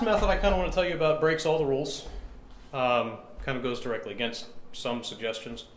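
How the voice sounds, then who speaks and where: A man gives step-by-step instruction in chant rhythm with sung examples, counting beats aloud and frequently checking in with "right?". His mid-range voice is fairly even in intonation and a little fast, heard in an echoey room with faint ambience.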